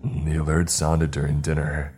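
A man voicing a grieving middle-aged father who speaks in a wavering, broken monotone. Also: moderate pace, soft background music. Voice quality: wavering baritone.

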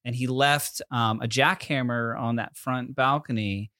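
A man co-hosting a casual chat, speaking in a relaxed, halting way. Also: mid-range voice, no echo, studio quality. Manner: relaxed, halting, with fillers and restarts. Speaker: podcast co-host.

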